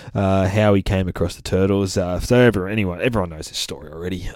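Man, casual comic recap, lots of swearing, lowish voice, dry close sound. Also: dry recording. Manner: sweary, animated retelling with laughs. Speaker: comic book podcast host.

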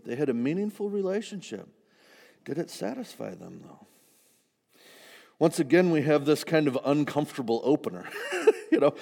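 A man preaching a sermon in a conversational, animated way, acting out the disciples with humor. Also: mid-range voice, in a large hall. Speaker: pastor.

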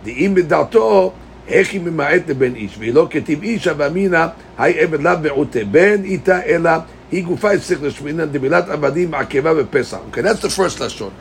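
Male Talmud teacher with a gravelly, slightly high voice. He chants the text, then explains it to the class and quizzes them. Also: animated, brisk, slight background noise. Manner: addresses students directly with questions.

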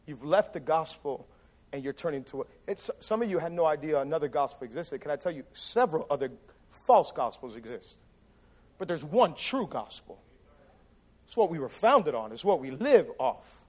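A male pastor preaching a casual, animated sermon and acting out quoted voices. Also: fairly high pitch.

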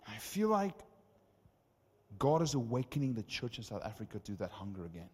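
A man's voice: medium pitch, fairly quick, breathy edge. Man preaching in a reverberant hall. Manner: animated, conversational, many asides and fillers. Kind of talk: sermon storytelling.

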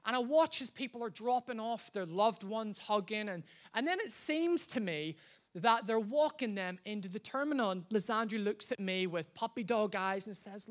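A man's voice: high-pitched, normal speed, fairly bright tone. A man who is a pastor preaching a live sermon at a church service, telling a story with self-mocking humor.

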